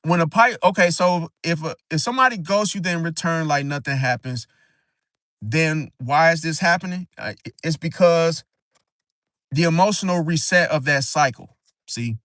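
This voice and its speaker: Casting: man, slightly high voice, AAVE speech, rambling talk-show host with frequent restarts, dry mic. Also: fairly bright tone, no room sound. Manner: rambling, halting, frequent "see?" tag. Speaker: astrology channel host. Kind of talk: casual livestream talk.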